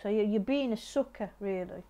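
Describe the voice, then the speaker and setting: A middle-aged woman, giving a casual tarot reading to camera in a repetitive, gently advising way with frequent restarts. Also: mid-range voice, moderate pace. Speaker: tarot reader.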